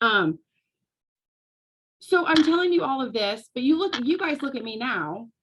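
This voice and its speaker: A woman, talking casually to a live audience as a business coach and telling lively stories with frequent laughter. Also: sits high, measured pace, background noise. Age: 40s. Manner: storytelling, animated, laughs often.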